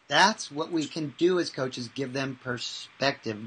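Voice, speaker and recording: A man who works as a mental toughness trainer, answering interview questions and telling lively anecdotes with acted-out voices. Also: mid-range voice, measured pace, hardly any pauses, slightly rough, low-quality recording. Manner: animated, acts out voices in anecdotes.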